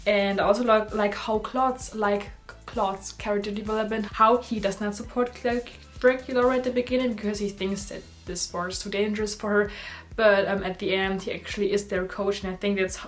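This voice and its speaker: A woman's voice: medium pitch, brisk, soft background music. A young woman casually reviewing and ranking movies in a vlog, gushing and full of filler words. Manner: gushing, animated, lots of "like" fillers.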